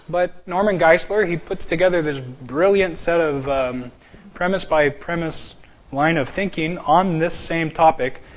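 A man teaching an apologetics class from slides, joking and slowing down to stress key words. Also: a little high, dull audio.

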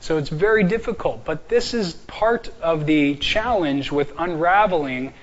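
A man lecturing a class from slides, his voice sitting a little high. He jokes and slows down to stress single words. The recording is dull and lo-fi. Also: lively intonation. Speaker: apologetics teacher.

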